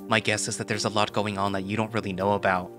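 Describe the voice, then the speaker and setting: A man voicing a gruff huge dinosaur champ. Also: little pitch movement, fast, lightly acted. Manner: gruff, grumbling, low urgent tone. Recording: voice over loud background music.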